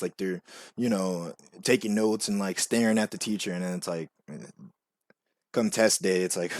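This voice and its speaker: A young man telling a rambling personal story, full of "like" and "you know", now and then acting out quoted voices much higher. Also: a little mellow, no echo, clean studio sound. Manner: rambling, filler-heavy with frequent "like" and "you know". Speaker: vlogger. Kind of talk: casual storytelling monologue.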